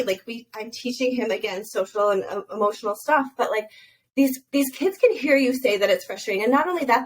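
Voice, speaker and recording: Fast-talking, emphatic young woman. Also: a little high, low-quality recording. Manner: fast, emphatic, frequent "like" fillers. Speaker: podcast guest. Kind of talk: casual podcast chat.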